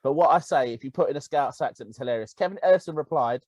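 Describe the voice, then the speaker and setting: A man's voice: medium pitch, fast talker, no room sound, low-quality recording. A man co-hosting a casual football podcast, telling stories animatedly. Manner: animated storytelling, laughing. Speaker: podcast co-host.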